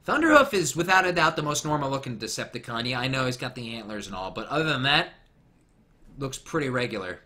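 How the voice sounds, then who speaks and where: A young man chatting through a casual commentary with a bright, forward tone. His pitch swings all over as he rambles and jokes. He keeps wandering off on tangents. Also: sing-song, fast. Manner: rambling, jokey, goes off on tangents. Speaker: commentary host.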